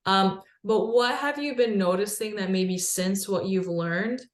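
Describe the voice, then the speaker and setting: A woman's voice: mid-range voice, measured pace. A woman host and coach who asks questions in a conversational, encouraging way, in a roomy, echoey recording. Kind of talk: conversational interview. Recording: roomy echo.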